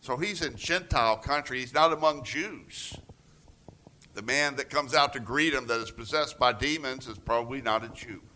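A man preaching a sermon, retelling scripture with dramatic swings from loud passages to near-whispers and acting out quoted voices. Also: moderate pace. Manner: acts out quoted voices with raised pitch. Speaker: pastor.

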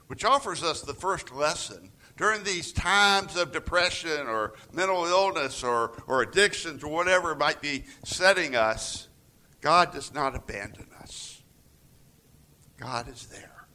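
Slow, bright-voiced preacher, swinging loud to soft. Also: male voice, animated. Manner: dramatic swings from loud to near-whisper; acts out quoted voices with raised pitch. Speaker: pastor. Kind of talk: sermon.

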